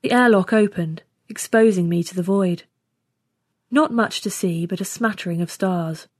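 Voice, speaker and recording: A woman narrating a first-person science fiction story in steady, scripted storytelling. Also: medium pitch, normal speed, no echo. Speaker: story reader.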